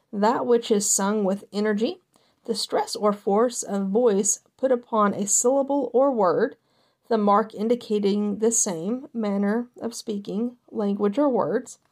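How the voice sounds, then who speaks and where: A woman's voice: mid-range voice, a little mellow. Woman reading encyclopedia entries aloud. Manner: careful reading with stumbles and self-corrections. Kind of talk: reading aloud with casual asides.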